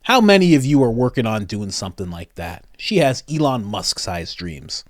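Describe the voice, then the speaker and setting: A man doing comedic reaction commentary, animated and mock-incredulous, often breaking into laughter. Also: lowish voice, normal speed, dry recording, clean studio sound. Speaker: commentary host.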